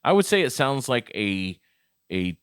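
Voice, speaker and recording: A man's voice: medium pitch, big pitch swings, unhurried, smooth, no room sound, studio quality. A man co-hosting a comedy podcast, talking in a rambling, casual way with many restarts. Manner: rambling, loose, full of restarts and fillers. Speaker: podcast co-host. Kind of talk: casual chat.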